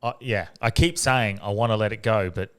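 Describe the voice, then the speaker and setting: An Australian man hosting a podcast, talking casually in a halting way with many fillers and restarts. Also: lowish voice, smooth. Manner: halting, full of fillers and restarts, laughs often. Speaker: podcast host. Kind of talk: casual chat.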